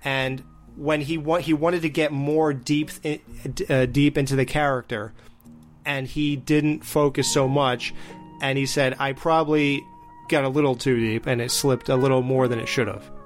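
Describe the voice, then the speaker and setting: A man's voice: medium pitch, moderate pace, soft background music. A man in casual chat reviewing a TV show, talking animatedly and acting out scenes. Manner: animated, mimics scenes with swearing.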